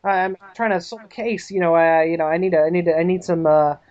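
A woman's voice: lowish voice, fast talker, darkish tone, close to an everyday voice. A woman voicing a chatty young female investigator who rambles with fillers. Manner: chatty, hesitant, full of fillers. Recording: slightly dull lo-fi recording.

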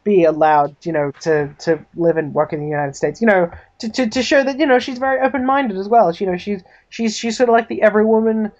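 A woman's voice: mid-range voice, fast, few pauses, darkish tone, voice pushed up, natural voice. A woman voicing a chatty young female investigator who rambles with fillers. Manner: chatty, hesitant, full of fillers. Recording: slightly dull lo-fi recording.

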